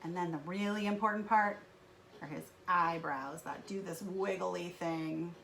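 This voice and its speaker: A woman's voice: fairly low pitch, unhurried, gravelly, a bit bright, slight background noise. A woman teaching first graders, narrating cheerfully as she draws. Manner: cheerful, narrating while drawing. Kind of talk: recorded lesson with drawing.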